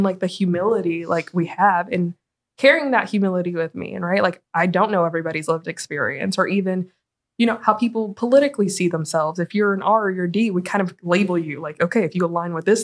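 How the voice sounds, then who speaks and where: A woman guest, a nonprofit executive director, speaking in a casual interview, animated and full of "like" fillers. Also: fairly low pitch, brisk. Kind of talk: conversational interview.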